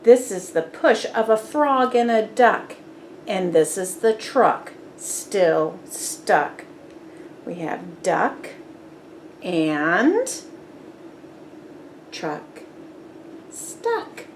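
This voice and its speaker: Woman reading to kids, very slow and patient, lively sing-song pitch, quizzes rhymes. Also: a little hiss or hum. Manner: patient, praising, asks questions. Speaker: storybook reader. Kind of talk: children's read-aloud with rhyming quiz.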